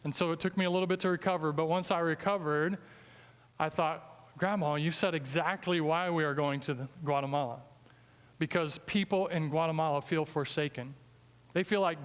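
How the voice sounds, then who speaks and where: A man with a Midwestern American accent preaches a sermon in a church sanctuary, his voice a little higher than most and clear and smooth. He sounds earnest and emphatic, and he slows down for scripture. A long reverb trails each phrase through the hall. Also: steady tone. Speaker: guest preacher.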